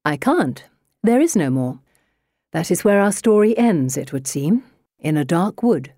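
A woman's voice: on the low side, very animated, unhurried, warm tone, no room sound, clean studio sound. A woman voicing a prim, composed teacher who speaks formally.

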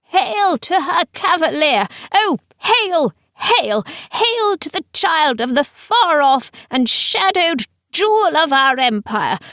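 A woman's voice: high-pitched, big pitch swings, takes it slowly, hardly any pauses, fairly bright tone, no echo, clean studio sound, voice pushed up, heavily acted. A woman voicing a cheerful little old male priest who talks in a delighted, quavering, effervescent way. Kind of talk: audiobook character voice.

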